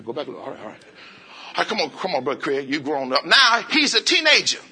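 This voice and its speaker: A man preaching an interactive sermon, coaxing answers from the congregation and repeating phrases in quick call-and-response bursts. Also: a little high, wildly swooping pitch, sharp tone, slightly rough. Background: congregation voices and laughter.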